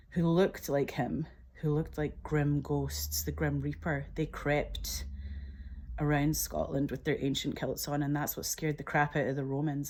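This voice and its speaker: A woman's voice: deep voice, a little mellow. A woman filmmaker retelling her own screenplay scene by scene, enthusiastic and emotional, often laughing at herself.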